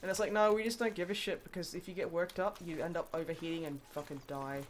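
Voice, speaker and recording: A woman's voice: on the low side, fairly even intonation, a little hiss or hum. An Australian woman chatting casually and bluntly, with plenty of swearing, while livestreaming a game. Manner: blunt, sweary, quick to laugh. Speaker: streamer.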